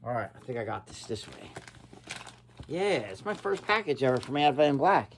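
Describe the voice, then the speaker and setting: A tipsy man talks his way through an unboxing for his vlog, rambling and swinging from low muttering to loud exclamations. His voice sits at an ordinary middle pitch, and the tone stays loose and casual throughout. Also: sing-song, moderate pace, heavy background noise. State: tipsy after drinks. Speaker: vlogger.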